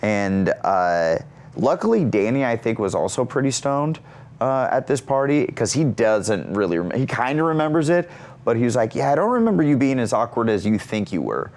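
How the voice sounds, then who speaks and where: Excitable man telling a story. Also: moderate pace. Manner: energetic, self-mocking, squeals into high voices for quoted lines. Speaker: actor and comedian, guest. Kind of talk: animated storytelling in an interview.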